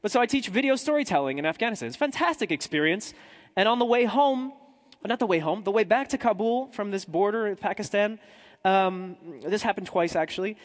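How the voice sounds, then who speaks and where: A man's voice: high voice, animated, fairly quick, in a large hall. A man, a journalist, telling a humorous story to a live audience in a chatty, self-deprecating way with asides to the crowd.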